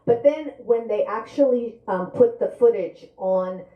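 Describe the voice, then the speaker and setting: A middle-aged woman from the Soviet Union, an author telling lively, wry stories at a live bookstore event. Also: a little high, phone-quality sound. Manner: lively, brisk storytelling with wry humor. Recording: echoey room at a live event.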